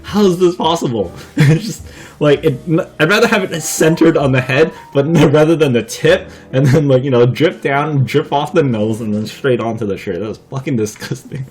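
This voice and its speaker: A man's voice: mid-range voice, normal speed, darkish tone. Giggly, swearing young man telling stories. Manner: laughs often while talking, swears freely; rambling, filler-heavy delivery. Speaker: vlogger. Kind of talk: casual storytelling vlog.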